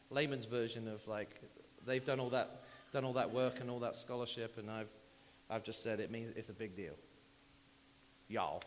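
Conversational male preacher in a reverberant hall. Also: fairly low pitch. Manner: conversational, animated, with asides and repetitions. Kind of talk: sermon. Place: church sanctuary. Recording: faint hiss, long hall reverb.

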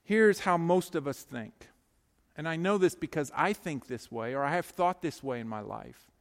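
Middle-aged guy preaching, kinda high voice, jokey storytelling, big church reverb. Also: normal speed, gravelly. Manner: lively, joking storyteller who talks straight to the congregation. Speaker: pastor. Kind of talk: sermon. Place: church sanctuary.

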